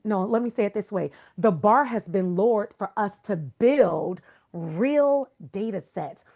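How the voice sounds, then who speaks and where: Woman, guest speaker, unhurried delivery, emphatic, rhetorical questions, motivational talk. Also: medium pitch, gravelly. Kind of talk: motivational talk on a video call.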